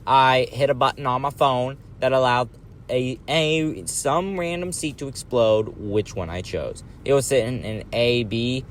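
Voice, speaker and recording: A man telling a crude comic story in a rambling, deadpan way. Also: mid-range voice, unhurried, a little hiss or hum. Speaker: comedy storyteller. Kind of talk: comic storytelling over game footage.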